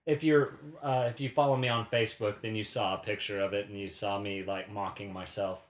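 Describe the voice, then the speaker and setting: A man's voice: fairly low pitch, steady tone, fairly quick. A man co-hosting a casual chat, telling stories in an easygoing, self-mocking way. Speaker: podcast co-host. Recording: echoey room.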